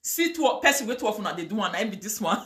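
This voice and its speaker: A woman's voice: medium pitch, very animated, quick pace, fairly bright tone, slight background noise. A woman with a Nigerian accent ranting on a live video, mixing pidgin, chanting curses and prayers with fire. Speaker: online video host.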